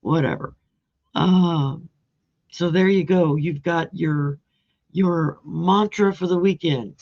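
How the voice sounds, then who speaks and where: A woman's voice: fairly low pitch, takes it slowly, creaky, a little mellow. A woman hosting a live stream, chatting with viewers by name and laughing easily as she draws and reads oracle cards. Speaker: live-stream card reader and host. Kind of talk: casual live-stream oracle card reading. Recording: dull lo-fi stream audio.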